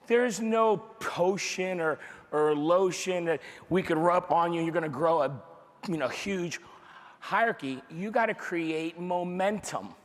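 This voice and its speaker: A man giving an energetic motivational training talk to a live audience. He drives points home with repetition and rhetorical questions and acts out dialogue. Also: fairly high pitch. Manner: acts out dialogue in quoted voices. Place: large room with an audience. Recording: long hall reverb from a live event.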